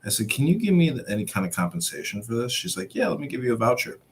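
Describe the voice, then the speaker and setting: A man with a mid-range, creaky, slightly rough voice speaks fast in casual chat. He tells a rambling travel anecdote with animation, acting out the other people's lines and laughing along.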